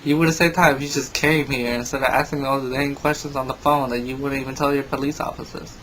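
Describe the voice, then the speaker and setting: A man's voice: mid-range voice, fairly even intonation, fast talker, a bit bright, a little hiss or hum, low-quality recording. A young man telling a story in a casual vlog, rambling and exasperated. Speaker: vlogger.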